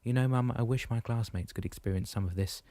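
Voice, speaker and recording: A man's voice: mid-range voice, mellow, dry recording, close to an everyday voice. A man doing a bossy older brother. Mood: impatient. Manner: brisk, scolding.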